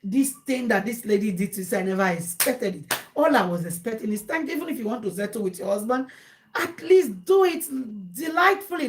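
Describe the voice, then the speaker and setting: Animated Nigerian woman telling a story. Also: medium pitch. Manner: animated, exasperated, repeats herself. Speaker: vlogger giving advice. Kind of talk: casual storytelling to viewers.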